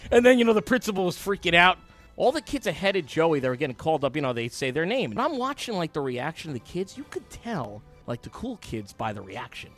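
A middle-aged man telling a funny story on a talk show, his fairly high voice leaping up and down as he acts out the scene. He is animated and loud, and he throws himself into every detail. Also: a little fast, soft background music. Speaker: radio show co-host.

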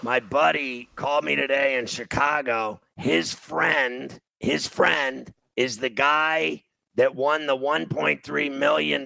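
Gravelly rambling middle-aged man. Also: mid-range voice, bright, forceful tone, no room sound, rough recording. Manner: rambling storyteller, swears, self-mocking. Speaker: sports podcast host. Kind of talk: casual sports betting chat.

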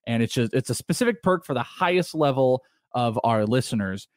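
A man co-hosting a sports radio show, telling stories in a rambling, animated way with lots of restarts. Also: medium pitch, a little fast, no echo, studio quality. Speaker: podcast co-host. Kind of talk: casual sports radio chat. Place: radio studio.

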